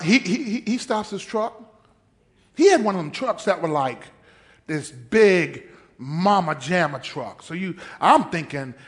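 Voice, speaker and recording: Animated high-voiced male pastor. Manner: animated storytelling, acts out voices, laughs often. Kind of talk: sermon.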